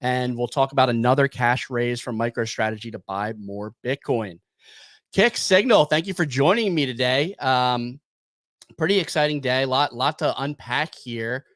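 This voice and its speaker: Man, podcast host, relaxed chat, mid pitch, dry close sound. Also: normal speed, dry recording. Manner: relaxed, loose, with fillers and restarts. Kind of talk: casual crypto podcast chat.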